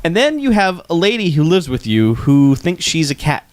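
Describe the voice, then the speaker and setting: A man's voice: on the high side, very animated, normal speed, dry recording. A man co-hosting a podcast, chatting casually and animatedly, swearing and laughing as he tells a story. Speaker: podcast co-host. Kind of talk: casual chat.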